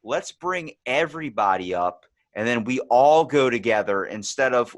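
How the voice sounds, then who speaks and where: A man hosting a podcast, telling stories in a casual, animated way with frequent restarts. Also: medium pitch, unhurried, no echo. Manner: animated storyteller, restarts often. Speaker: podcast host. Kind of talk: casual conversation.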